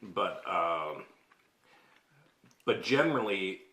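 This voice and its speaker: A man at a home breakfast table, explaining in a measured way, thinking aloud. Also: low voice, lively intonation, sharp tone. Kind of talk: casual breakfast table chat. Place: home kitchen at a holiday breakfast. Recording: echoey room, light noise.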